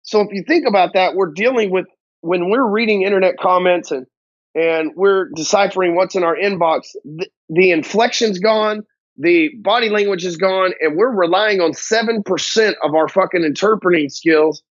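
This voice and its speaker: High-voiced blunt, swearing male business coach. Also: normal speed, no room sound. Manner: blunt, heavy swearing, slangy grammar. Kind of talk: profane motivational talk to camera. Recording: dull, dry lo-fi audio.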